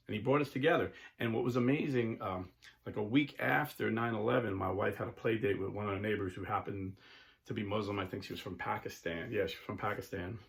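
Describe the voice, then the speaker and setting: A man's voice: on the low side, moderate pace, gravelly. A middle-aged man hosting his own channel, talking casually through a political monologue with many restarts and fillers. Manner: rambling storytelling with frequent restarts and fillers. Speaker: channel host.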